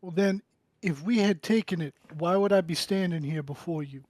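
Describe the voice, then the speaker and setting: A man's voice: high-pitched, normal speed, darkish tone, no echo, lightly acted. A man playing an indignant adventurer. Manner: indignant, formal. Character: indignant adventurer posing as drow envoy.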